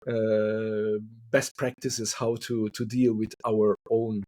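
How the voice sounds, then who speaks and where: A man's voice: fairly low pitch, flat delivery, slow pace, warm tone, dry recording. A man from Hungary who speaks English as a second language, a couple therapist talking thoughtfully in a podcast interview and repeating words as he searches for them.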